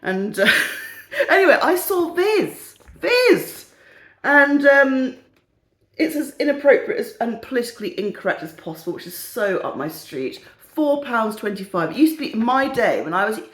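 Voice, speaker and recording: A woman's voice: a little high, very animated, moderate pace, roomy sound. A middle-aged woman, chatting casually and joking in a rambling, giggly way as a perfume vlogger. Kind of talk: casual chat.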